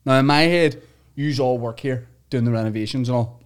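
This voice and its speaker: A man's voice: mid-range voice, smooth. A man, a comedian guest trading jokes in casual podcast banter. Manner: jokey, quick asides, laughs a lot. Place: podcast studio.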